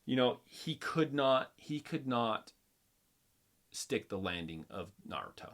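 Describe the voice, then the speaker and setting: Male host, casual chat, animated storyteller who acts out the quotes and trips over his own sentences. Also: medium pitch, takes it slowly. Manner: animated retelling, acts out quotes, many restarts.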